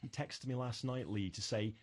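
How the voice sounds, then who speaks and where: Man, radio reporter, conversational tone, middle pitch. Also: steady tone, normal speed, darkish tone.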